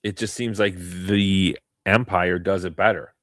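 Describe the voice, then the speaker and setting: A man with a lowish voice hosts a live online talk stream, reading text aloud in a mock-serious, sarcastic way. His voice sounds dry and close, with no room around it. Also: fairly even intonation, a little slow, fairly bright tone, no echo. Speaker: host.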